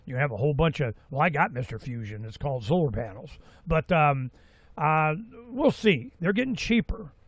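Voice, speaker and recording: A man's voice: fairly high pitch, a little fast, dry recording. Rambling folksy man in his sixties. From Florida, USA. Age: 60s. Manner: rambling, folksy, animated asides. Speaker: host. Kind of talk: casual talk-radio monologue.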